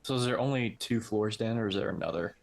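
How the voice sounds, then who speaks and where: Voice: medium pitch, quick pace, gravelly. A player in a tabletop role-playing game, casually asking questions and suggesting plans.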